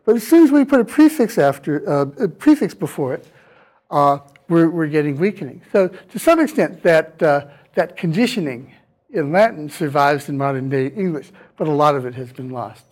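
A man's voice: fairly high pitch, expressive, normal speed, a little mellow. A man giving a classroom lecture, explaining step by step, voicing sample vowel sounds to show them and taking questions from students. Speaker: university lecturer.

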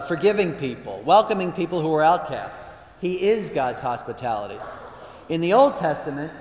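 A fairly high-voiced man, a priest, gives a humorous talk in a large hall. He tells stories playfully and keeps tossing asides to the crowd. His voice carries a long, roomy reverb over faint background noise. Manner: playful storyteller with frequent asides. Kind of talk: humorous spoken talk to an audience.

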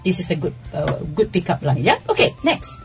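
A woman's voice: lowish voice, sing-song, fairly quick, faint music behind. A middle-aged woman, hosting a radio lesson, laughing often and checking in with "yeah?". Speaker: radio English lesson host. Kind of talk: teaching workplace English on radio.

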